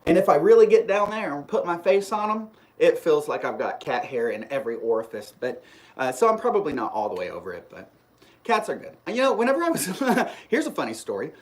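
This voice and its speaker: Rambling, animated live stream storyteller. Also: medium pitch, fairly quick. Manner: rambling and animated, with frequent restarts; reads viewer comments aloud and replies.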